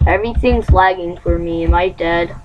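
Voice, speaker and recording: A woman giving live gameplay commentary, chatty and excitable, breaking into gleeful sound effects and sing-song noises. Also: lowish voice, moderate pace, over music. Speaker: gamer. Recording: lo-fi recording with faint hum.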